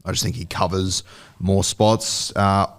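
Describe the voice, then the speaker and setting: Very low-voiced Aussie podcast co-host, earnest and opinionated, casual footy talk. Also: male voice, little pitch movement, a little slow, clear, resonant tone. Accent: Australian. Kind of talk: casual sports chat.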